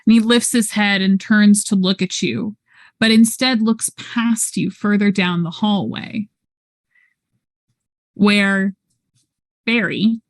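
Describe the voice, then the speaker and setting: A woman narrating a tabletop role-playing game as storyteller, in a measured, descriptive way. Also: medium pitch.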